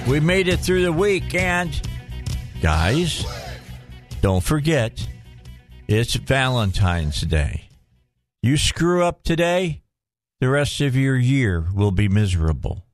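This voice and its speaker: A man's voice: medium pitch, sing-song, slow pace, pauses often. A man hosting a radio talk show, joking and chatty in a casual tone. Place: radio studio. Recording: dry studio mic, faint music bed.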